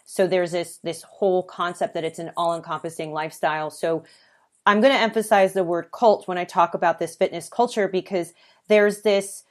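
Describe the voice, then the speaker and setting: A woman's voice: fairly low pitch, fairly even intonation, normal speed. A woman hosting her own podcast, talking earnestly and conversationally, with lists and the occasional filler. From United States. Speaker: podcast host. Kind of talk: solo podcast monologue.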